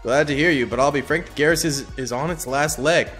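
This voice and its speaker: A man reading aloud the lines of a weary male garrison commander in a video game, in a flat, plain voice. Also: fairly high pitch, quick pace, faint music behind, pitched below the performer's own voice, close to an everyday voice. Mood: grim.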